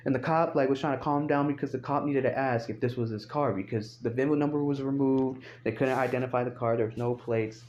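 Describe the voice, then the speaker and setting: A man's voice: medium pitch, fairly even intonation, brisk, few pauses, a little mellow, a little hiss or hum. A young man telling a rambling, profane story in casual speech, recorded on a phone. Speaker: storyteller vlogger. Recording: dull lo-fi phone audio.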